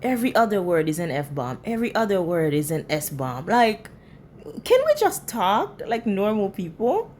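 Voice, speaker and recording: A woman's voice: mid-range voice, sing-song, normal speed, a little mellow, slight background noise. A woman hosting a reaction video, commenting in a disapproving, lecturing way. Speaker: commentary channel host.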